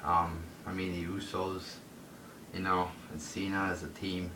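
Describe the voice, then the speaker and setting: This man's solo wrestling review, spoken into a phone, is a profane, rambling rant loaded with fillers. He talks a little slowly with little pitch movement, far from the mic, and the recording carries a roomy echo and faint rumble.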